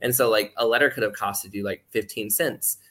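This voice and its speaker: Podcast guest, male, lowish bright voice, rambling filler-heavy storyteller. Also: steady tone, fairly quick. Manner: acts out quoted voices while explaining. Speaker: guest speaker. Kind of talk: casual podcast chat.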